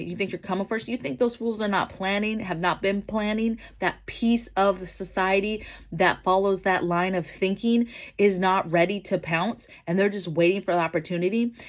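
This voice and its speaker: A woman vlogging about home preparedness, talking casually and emphatically, often tagging her points with "right?". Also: mid-range voice. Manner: emphatic, keeps asking "right?". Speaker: prepping vlogger. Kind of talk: casual opinion vlog.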